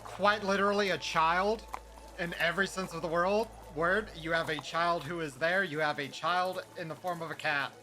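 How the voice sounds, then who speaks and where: A man running a tabletop game, chatty and quick to laugh, with many fillers. His voice is somewhat high for a man. Music plays clearly in the background. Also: steady tone, pushed and bright. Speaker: game master.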